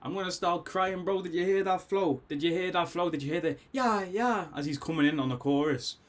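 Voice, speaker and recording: Excitable Scouse man, tipsy reaction host. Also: a little high, fast. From Liverpool, England. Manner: excitable, rambling, laughs often. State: tipsy after drinks. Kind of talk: casual album reaction. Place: bedroom at home.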